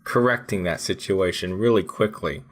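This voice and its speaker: A man co-hosting a podcast, chatting casually and acting out his own retorts in a lively way. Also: low-pitched, normal speed. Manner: animated storyteller who acts out his own retorts. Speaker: podcast co-host.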